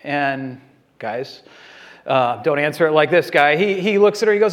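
A male pastor gives a conversational, self-deprecating sermon at a normal speed, his voice notably high for a man. He addresses the congregation like a friend, dropping in fillers and restarting sentences.

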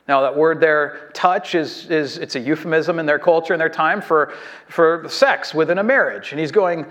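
A man's voice: a little high, normal speed. A male pastor preaching a sermon in a conversational, self-deprecating way, using fillers and restarts.

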